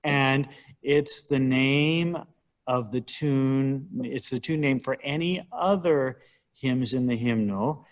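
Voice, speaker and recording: A man's voice: medium pitch, slow pace. A middle-aged man giving an informal, wry talk on hymnals at a church, chatting and sometimes counting syllables aloud.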